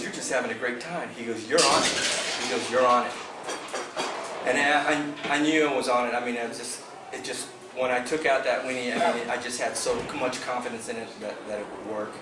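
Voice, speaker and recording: A man recounts a fishing day to his club, animated and vivid, punching out sound effects and quoting people along the way. He's picked up from a distance by a camera in a roomy hall. A steady background noise sits under his voice. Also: mid-range voice. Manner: excited, vivid, acts out sounds and quotes. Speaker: bass fishing club member. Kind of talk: animated storytelling to a club meeting. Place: club meeting room. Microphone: far camera.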